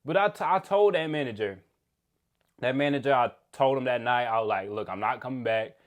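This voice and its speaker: A young man, casually telling a work story in an animated, slangy way, often laughing. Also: medium pitch, brisk.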